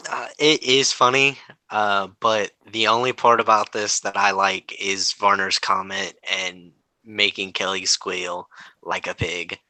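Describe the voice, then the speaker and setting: Bright-toned blunt man, dry mic. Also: on the low side, fairly even intonation, measured pace, no echo, poor audio. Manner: blunt, joking. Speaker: podcast co-host. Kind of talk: casual chat.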